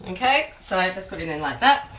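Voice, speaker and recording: A woman's voice: medium pitch, big pitch swings, a little fast, fairly bright tone, echoey room, slight background noise, low-quality recording. An Australian woman who cooks for a living, telling long rambling stories while she makes a pie. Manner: rambling storyteller, talks while cooking. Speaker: home cook and private chef. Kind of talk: chatty cooking demo with anecdotes.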